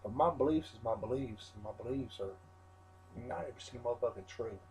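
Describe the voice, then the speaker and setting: A man's voice: medium pitch, brisk, a little mellow, a little hiss or hum, rough recording. A wrestler in a rambling, defiant interview rant, swearing constantly and restarting his sentences.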